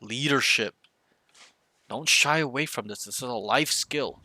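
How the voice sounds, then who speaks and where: A man coaching a student through a match review, talking bluntly and swearing freely. His voice is bright and forceful, recorded dry and close with no room sound. He often acts out team callouts to show how they should sound. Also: medium pitch, a little slow, dry recording. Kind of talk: casual coaching session.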